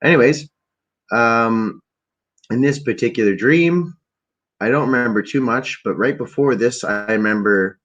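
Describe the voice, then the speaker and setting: A man's voice: mid-range voice, measured pace, a bit bright, dull audio. A man from Canada hosting a podcast, telling a meandering story in a casual rambling monologue, often trailing off into fillers and restarts. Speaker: podcast host.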